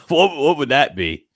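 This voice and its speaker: Lively-voiced podcast co-host man. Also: medium pitch, no echo, studio quality. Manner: swears a lot, laughs easily. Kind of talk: casual podcast chat.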